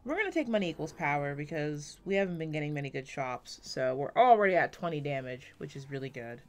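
A woman giving casual, rambling commentary while playing a video game, self-deprecating and swearing often, swinging between quiet and loud, on a close desk mic. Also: low-pitched, sing-song, fast talker. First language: English. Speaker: gaming YouTuber.

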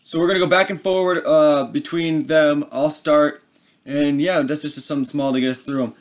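A man's voice: a little high, steady tone, normal speed. A young man hosting a casual video, chatting loosely and a little self-mockingly between countdowns. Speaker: video host.

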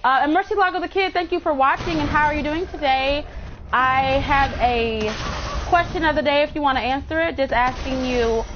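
A young woman streams a game live, chatting with viewers as she plays, swearing and shrieking whenever she's in danger. Her voice sits high at a moderate pace, captured on a dull lo-fi mic with audible noise.

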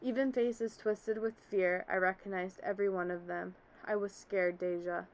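A woman's voice: medium pitch, steady tone, moderate pace, natural voice, poor audio. A woman reading a story aloud, telling it as a man who survived a disaster, in an earnest, haunted way. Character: middle-aged man, former office worker, shaken survivor.

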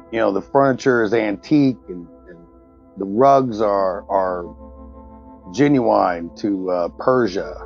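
A man plays a tabletop game, talking bluntly and casually with the odd curse. His low voice is gravelly. The recording is slightly muffled and lo-fi, with faint music underneath. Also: a little mellow. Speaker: player.

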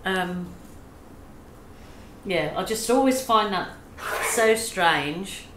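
Drawing out her words in an expressive mid-range voice, an Australian woman who does acrylic pouring talks casually through a painting tutorial. Her coaching is soothing and self-deprecating. Background noise is noticeable, and the room echoes with faint ambience.

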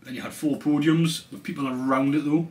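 A man's voice: a little high, steady tone, a little fast, darkish tone. A man in his twenties with a Geordie accent, chatting casually and enthusiastically alongside his partner, often saying "aye". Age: 20s. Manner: enthusiastic, drops in "aye" a lot. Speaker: vlogger's partner. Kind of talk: casual chat.

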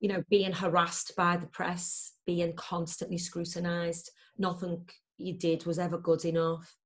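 A woman's voice: fairly low pitch, completely flat delivery, measured pace. A woman, a guest in an interview, telling her story candidly and emphatically with lots of fillers.

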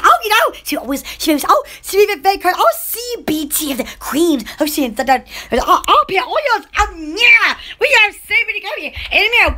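A very high-pitched woman from Alabama with a Southern accent rambles excitedly in a casual vlog for her online shop. She's giggly and excitable, often giggling and filling her talk with "oh" and "um."

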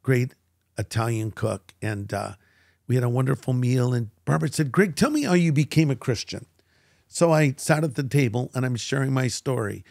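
A man's voice: medium pitch, moderate pace, creaky, no room sound. Older man telling a story, dry close sound. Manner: animated storyteller who acts out quoted voices. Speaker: guest pastor. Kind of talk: storytelling interview.

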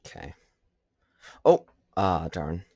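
A man talks loosely over his gameplay in a deep voice with a gravelly edge, taking his time. His pitch swings lively as he jokes at his own expense. The recording is dull and lo-fi, with a dry, close sound. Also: takes it slowly, no echo. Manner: laid-back, self-deprecating, joking asides. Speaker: gamer streaming his own match. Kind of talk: casual gameplay commentary.

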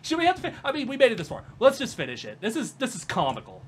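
A woman riffing sarcastically over a clip she mocks, swearing freely and laughing often. Her voice leaps widely in pitch, with faint background noise. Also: wildly swooping pitch, rapid-fire. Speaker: commentary vlogger. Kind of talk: mocking reaction commentary.

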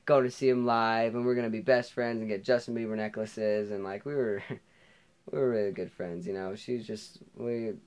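Man, young adult, somewhat low voice, casual storytelling, rambling, filler-heavy, laughs a lot. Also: steady tone, normal speed, a little mellow. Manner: rambling, heavy on "like" and "you know", laughs often. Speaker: vlogger.

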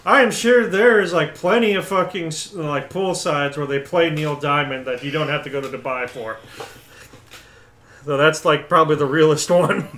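Giggly high-voiced man reading cards. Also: moderate pace, a bit bright, a little hiss or hum. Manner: laughs often, reads cards aloud. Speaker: podcast host. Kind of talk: casual chat while playing a card game.

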